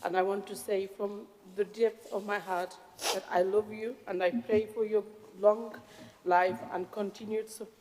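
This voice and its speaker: A woman with a Greater Manchester accent gives a formal acceptance speech in a council chamber. Her voice sits at a middling pitch, and she is moved, stopping often to restart her words. A long hall reverb trails behind her. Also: steady tone, darkish tone, a little hiss or hum. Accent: English, Greater Manchester. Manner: emotional, halting, with restarts. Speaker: incoming civic mayor.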